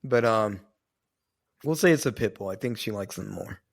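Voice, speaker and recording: A man's voice: on the low side, lively intonation, normal speed, vocal fry. A man co-hosting a podcast, telling a story in a rambling, casual way, with many fillers and some swearing. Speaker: podcast co-host.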